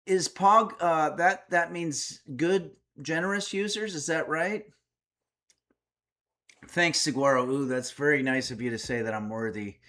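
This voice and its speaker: A man's voice: a little high, a little slow, pushed and bright. A man hosting a casual home livestream, reading viewer messages aloud and answering with wry, chatty remarks. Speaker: streamer and cooking host.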